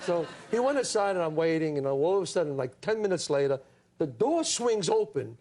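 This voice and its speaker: A man with a strong Bronx accent tells lively stories as a talk show guest. He slips into the voices of other people as he talks. His voice sits fairly high for a man. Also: normal speed. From New York, USA. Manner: lively storyteller who acts out the voices of others. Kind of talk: animated anecdote telling.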